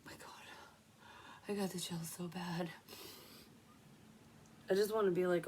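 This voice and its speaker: A young woman, working as a psychic tarot reader, talks through a casual reading in a low, darkish voice with fairly even intonation. She goes at a measured pace with long pauses, rambles from story to story, and swears freely, while a faint background hiss sits under her voice.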